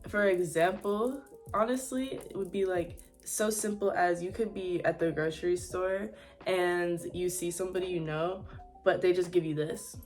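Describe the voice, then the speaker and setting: A young woman talks straight to camera while she gets ready, loose and candid, with "like" all through her speech. Her voice sits a little low for a woman, and she drops in sassy asides. Soft music plays faintly underneath. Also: steady tone, normal speed. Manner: chatty and candid, lots of "like" fillers, sassy asides with "honey". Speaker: vlogger. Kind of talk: casual chat while getting ready.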